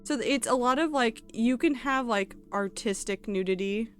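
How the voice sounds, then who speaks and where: A woman's voice: on the high side, normal speed, a bit bright, faint music behind. Chatty woman streamer. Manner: rambling, chatty, many filler likes. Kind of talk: casual live-stream chat while gaming.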